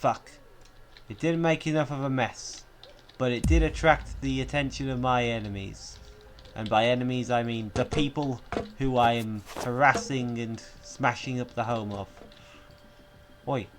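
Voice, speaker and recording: A man's voice: medium pitch, fairly even intonation, a little slow, background noise. A young man giving playful gameplay commentary, mock-menacing and swearing often. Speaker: gaming YouTuber.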